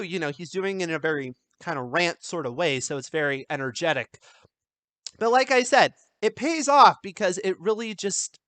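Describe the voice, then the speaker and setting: A man's voice: a little high, fairly bright tone, dry recording. A man teaching writing, walking through a film script in a casual, conversational way with many fillers and restarts. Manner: reads film quotes aloud. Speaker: writing instructor. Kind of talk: script analysis lesson.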